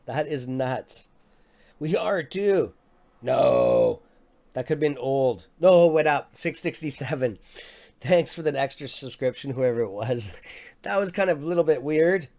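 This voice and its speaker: A man hosting a casual live stock market stream from his desk mic, excitable and quick to react, muttering and apologizing now and then. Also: on the high side. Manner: excitable, swears under his breath, apologetic. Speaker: livestream host. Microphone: desk microphone.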